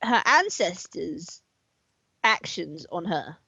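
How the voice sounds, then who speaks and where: A woman playing a tabletop role-playing game, excitable and animated, often laughing. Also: fairly low pitch, slow pace, vocal fry, slightly rough, dry recording, dull audio. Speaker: player. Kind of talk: casual tabletop role-play chat.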